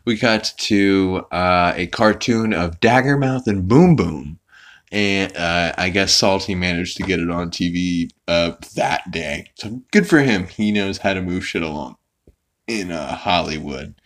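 Man host, deep voice, rambling profane recap, lots of fillers. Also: unhurried, a bit bright. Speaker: podcast host. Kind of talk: casual episode recap.

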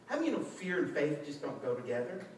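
A man preaching a lively sermon as a pastor, acting out quotes with shouts and laughter. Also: fairly high pitch, fast. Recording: echoey hall, distant mic, faint noise.

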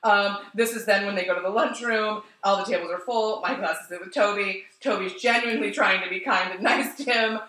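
A woman's voice: mid-range voice, brisk, hardly any pauses, fairly bright tone, reverberant, poor audio. A woman co-hosting a casual podcast chat, animatedly recapping a TV episode, laughing and swearing as she goes. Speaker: podcast co-host.

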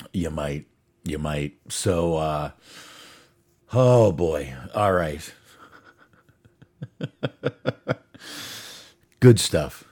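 A man hosting a show, chatting in a relaxed, rambling way as he introduces old radio clips. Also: sits low. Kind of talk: casual chat.

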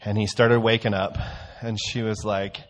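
Man, lower pitch, easygoing conversational sermon delivery, storyteller. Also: flat delivery, moderate pace. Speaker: church teacher. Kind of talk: casual sermon.

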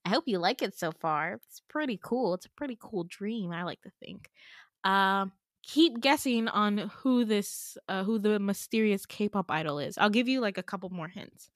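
A woman's voice: mid-range voice, normal speed, no room sound, studio quality. A young woman hosting a podcast and telling a dream story in casual chat, full of fillers, swearing and self-mocking laughs. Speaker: podcast host. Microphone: home podcast mic.

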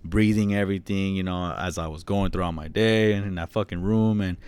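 A man's voice: sits low, steady tone, fairly quick, a little mellow, smooth. A man co-hosting a podcast in casual chat, telling stories loosely with lots of swearing. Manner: loose storytelling, swears a lot, acts out quotes. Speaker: podcast co-host.

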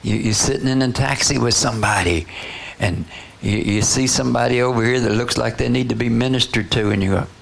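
A man's voice: mid-range voice, a little fast, vocal fry. A man preaching a sermon, prodding his listeners with repeated "Huh?" and "you know" as he goes.

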